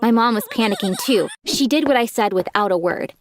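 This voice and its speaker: A woman giving scripted first-person narration for an animated story, expressive and animated. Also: mid-range voice, brisk, soft background music.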